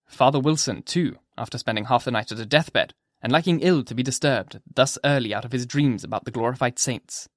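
Measured male audiobook narrator. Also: medium pitch, no echo, clean studio sound. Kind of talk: scripted narration.

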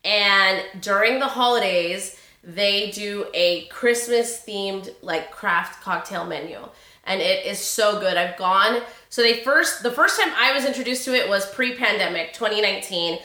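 Host: bright, lively young woman, chatty storyteller, says y'all, roomy echo. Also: medium pitch, a little slow. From Sacramento area, California. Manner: animated, acts out quotes, says y'all, laughs often. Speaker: podcast host.

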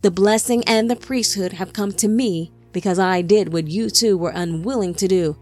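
A woman's voice: medium pitch, moderate pace, darkish tone, close to an everyday voice. A woman reading the part of a scheming young man who taunts and gloats over his brothers, with music faintly behind her. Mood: gloating. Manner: smug, taunting.

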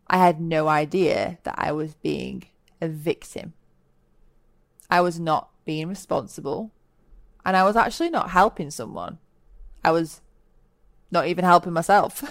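Woman, podcast host, self-help monologue, earnest, motivational, lowish voice, dry close recording. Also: moderate pace, no echo. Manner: earnest, motivational, acts out quotes with lively voices. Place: lives in Bali.

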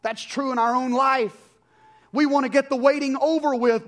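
High-voiced man preaching a sermon. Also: fairly even intonation, moderate pace, a bit bright. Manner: conversational preaching, rhetorical questions. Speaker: pastor.

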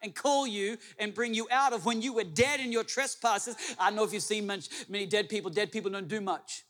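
A man's voice: high voice, a little fast, a bit bright, long reverb tail. A male pastor preaching a sermon to a congregation, emphatic, repeating his phrases and asking the room questions. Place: church hall with an audience.

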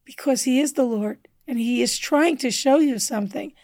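Warm-voiced woman telling a heartfelt story. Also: high voice, moderate pace, dry recording. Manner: earnest, drops to a hushed near-whisper at emotional moments. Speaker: podcast guest. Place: indoor studio table.

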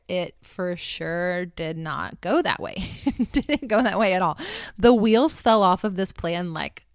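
A woman in her thirties talks through a story in a loose, chatty way, often laughing at herself. Her voice sits at an ordinary middle pitch. The sound is dry and close, with no room around it. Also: no room sound. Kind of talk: casual storytelling monologue.

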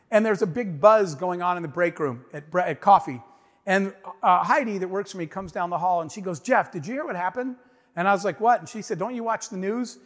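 Guy with a high voice giving a motivational speech, acts out the dialogue, big hall echo. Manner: emphatic storyteller, acts out dialogue. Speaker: business owner giving a speech.

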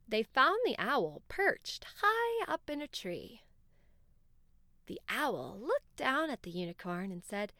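A woman hosting a children's podcast, narrating a bedtime-style story in a gentle, warm way. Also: mid-range voice, huge pitch swings, slow pace, no room sound, studio quality.

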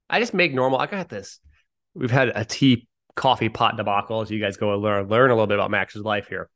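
A man's voice: lowish voice, a bit bright. A man hosting a podcast on his own, chatting casually in a rambling, self-deprecating and upbeat way. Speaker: podcast host. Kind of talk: casual solo podcast chat.

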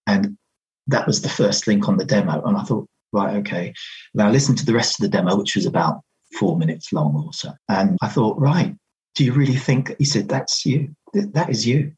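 Husky man telling a story. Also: fairly low pitch, normal speed, poor audio. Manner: animated, acts out quoted dialogue, many restarts. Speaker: radio DJ recalling his career. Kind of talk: casual storytelling.

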